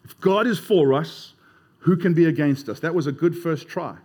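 High-voiced man preaching emphatically. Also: moderate pace, darkish tone, slightly rough. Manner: emphatic, conversational preaching with repetitions. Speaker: pastor. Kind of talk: sermon.

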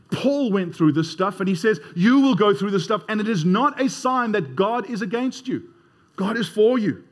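A man preaching a sermon in a conversational way, leading the congregation in call-and-response. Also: high voice. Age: 30s or older.

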